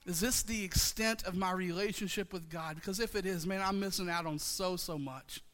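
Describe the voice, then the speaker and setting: High, bright-voiced male preacher in a hall. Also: normal speed. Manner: passionate, repetitive call-and-response preaching. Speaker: pastor. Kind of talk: sermon. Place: church sanctuary.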